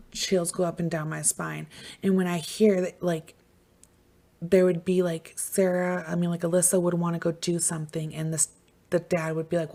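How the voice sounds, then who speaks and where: Woman podcast host, low gravelly voice, mellow tone, blunt and emphatic, swears a lot. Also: fairly even intonation, moderate pace. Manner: emphatic, swears freely, full of "like". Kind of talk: casual true-crime chat.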